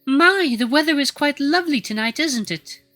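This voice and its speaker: A sweet, scatterbrained old she-wolf, as a man puts her on in a storybook reading, her voice pushed up high and sailing. She speaks in a genteel, dotty, grandmotherly way, with a bright tone and faint music behind. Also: lively intonation, moderate pace, full character voice. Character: frail ancient female wolf elder, sweet, scatterbrained.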